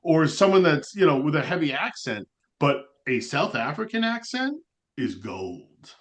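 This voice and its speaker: Animated rambling man, slightly high voice. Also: measured pace. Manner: rambling, animated, frequent "like" fillers. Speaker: podcast co-host. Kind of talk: casual podcast chat.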